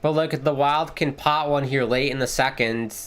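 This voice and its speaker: Excitable man hosting a live watchalong. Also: mid-range voice, moderate pace, clear, resonant tone. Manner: excitable, reacts loudly to plays, swears casually. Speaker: livestream host. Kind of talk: casual live watchalong commentary.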